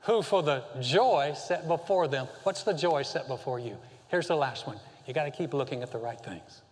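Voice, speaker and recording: A male senior pastor preaching a sermon, impassioned, moving between loud exhortation and hushed tender passages. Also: a little high, normal speed. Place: church sanctuary. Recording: long hall reverb.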